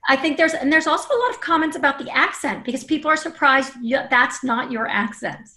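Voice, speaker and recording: A woman's voice: high-pitched, animated, a little fast, pushed and bright. A woman hosting an interview, effusive and full of compliments for her guests. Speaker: interview host.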